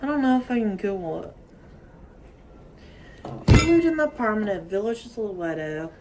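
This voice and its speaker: A woman telling stories and acting out an improvised doorstep scene, animated and bossy as she directs it. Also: medium pitch, normal speed. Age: 30s or older. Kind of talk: casual chat and improvised role-play. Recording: noisy home recording.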